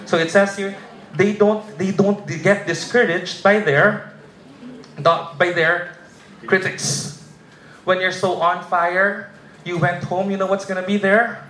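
Animated Filipino pastor preaching. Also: male voice, high voice, slow pace. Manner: animated, audience-prompting, humorous. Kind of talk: sermon. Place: church. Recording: echoey church hall with congregation.

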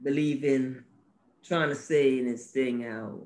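A male podcast co-host in faith-based conversation, animated and preachy, acting out little scenes and repeating his key phrases. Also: mid-range voice, unhurried.

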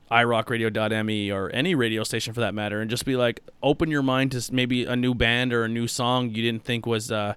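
Young male podcast host, smooth tone, dry recording, loose rambling delivery. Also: medium pitch, fairly bright tone, no room sound. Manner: rambling, repeats words, frequent fillers. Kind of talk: casual conversational interview.

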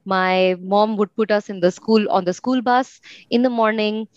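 A woman's voice: medium pitch, steady tone, normal speed, a little mellow, no room sound. Woman from India, reflective and dry. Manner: reflective storytelling with frequent fillers. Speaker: guest. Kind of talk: casual conversational interview. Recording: slightly muffled, dry sound.

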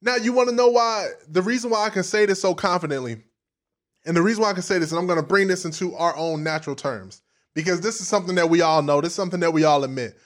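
A man with a high voice and delivers a sermon with big swings in volume and emphasis. He drops to near-whispers for asides, then punches key lines hard. He also acts out other people's voices as he preaches. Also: fast. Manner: animated preaching, dramatic swings between soft and loud.

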